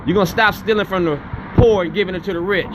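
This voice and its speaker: A man's voice: sits high, fast, background noise. A man giving a defiant, confrontational speech at a town hall, repeating his demands. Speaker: activist speaking at a town hall. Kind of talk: impassioned public speech.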